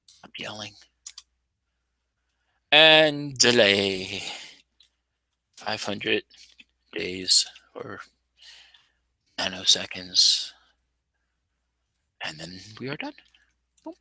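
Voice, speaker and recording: A man's voice: sits low, slow pace, gravelly, pauses often, pushed and bright, breathy edge, no echo. A man hosting a casual home electronics video, narrating his typing and soldering with playful, showman-like announcer asides. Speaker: maker channel host. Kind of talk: casual live coding and tinkering commentary.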